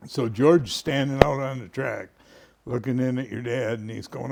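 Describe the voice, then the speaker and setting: An older man, a family friend, slowly telling a story in casual conversation, chuckling and clearing his throat. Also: mid-range voice, fairly even intonation, a little mellow.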